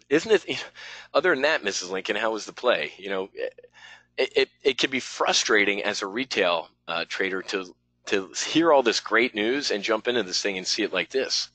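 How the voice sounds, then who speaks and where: A brash middle-aged man riffing on the markets in a casual, blunt way. His voice sits low but has a bright, forceful edge. The sound is dry and close. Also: no echo, low-quality recording. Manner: brash, blunt and conversational, addressing "folks". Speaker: market commentator.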